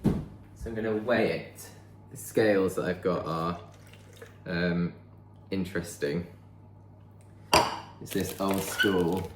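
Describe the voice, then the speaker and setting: A man's voice: low voice, steady tone, slow, pauses often, reverberant, heavy background noise. A man chatting casually as he bakes in his kitchen, thinking aloud as he goes. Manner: chatty, rambling, thinks aloud while baking. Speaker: vlogger. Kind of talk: casual chat. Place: home kitchen.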